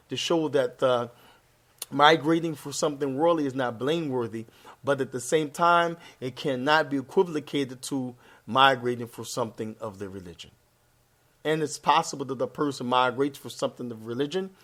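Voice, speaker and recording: A man teaching a religious lesson, explaining terms and mixing Arabic quotes and phrases into plain English, with fillers and self-corrections. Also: mid-range voice. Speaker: Islamic teacher.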